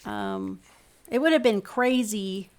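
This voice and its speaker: A woman's voice: on the high side, wildly swooping pitch, slow pace, darkish tone. A middle-aged woman co-hosting a podcast, recapping games in a meandering casual chat with many ums. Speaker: podcast co-host.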